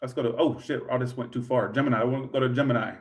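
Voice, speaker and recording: His pitch is medium and his tone steady, though he talks very fast while reading tarot for a livestream audience. The reader speaks directly to viewers, sassy and profane, wandering off on tangents.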